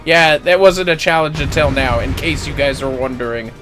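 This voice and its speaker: A man's voice: on the high side, fairly even intonation, moderate pace, over music. A man casually commenting on a game he is streaming, playful and joking.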